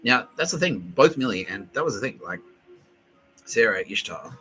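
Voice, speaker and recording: A man hosting a solo podcast, rambling excitably with lots of swearing and laughter, often acting out what others said. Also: medium pitch, moderate pace, faint music behind, poor audio. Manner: excitable, profane, laughing, acts out quoted voices. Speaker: podcast host.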